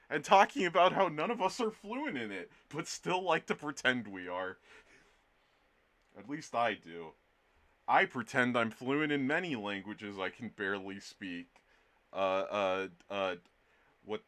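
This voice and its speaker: Streaming his artwork, a man talks slowly in a mid-range, slightly bright voice with lively intonation. His casual live-stream chat is playful and meandering, and he trades jokes with his viewers.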